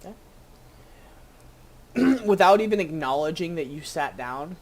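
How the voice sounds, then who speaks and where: A game master narrating a tabletop game scene, halting with many fillers and restarts. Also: medium pitch, expressive.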